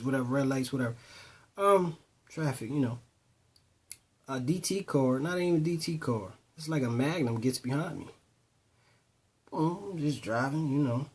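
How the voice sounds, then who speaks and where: A man's voice: darkish tone, breathy edge. A man casually telling personal stories to young listeners, acting out the dialogue. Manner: conversational, retells dialogue in voices, repeats "boom". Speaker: storyteller addressing youth. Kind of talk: casual spoken storytelling.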